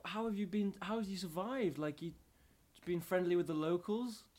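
A young man joking and bantering as a player in a tabletop game, giggly, with quick comebacks. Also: sits high, a little mellow. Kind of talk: playful in-character banter.

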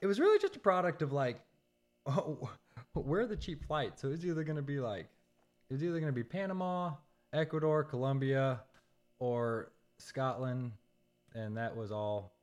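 Jet lagged guy rambling in a casual chat, gets loud then drops to a mumble. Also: expressive, moderate pace. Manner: rambling, swings from loud bursts to low murmurs.

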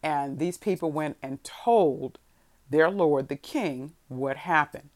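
A woman preaching a sermon, reading scripture slowly and moving between soft stretches and emphatic bursts. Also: low-pitched. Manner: reads scripture in a slow, measured voice.

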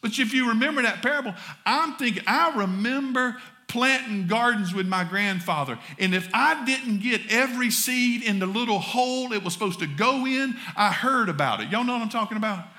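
A male pastor with a Southern US accent delivers a folksy sermon to his congregation. His voice sits high and sounds bright and forceful. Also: lively intonation, moderate pace, few pauses. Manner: folksy, addresses congregation as y'all. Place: church sanctuary.

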